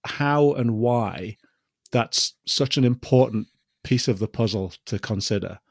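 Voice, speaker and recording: A man hosting a podcast, asking thoughtful questions in a measured way. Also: mid-range voice, vocal fry, no echo, clean studio sound. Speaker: podcast host. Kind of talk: casual podcast interview.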